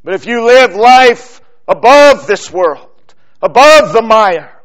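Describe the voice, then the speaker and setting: Male preacher, high-pitched and unhurried; stacks phrases for emphasis, drops low at the ends. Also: very animated. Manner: slow, emphatic preaching that builds in lists and trails off softly. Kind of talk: sermon.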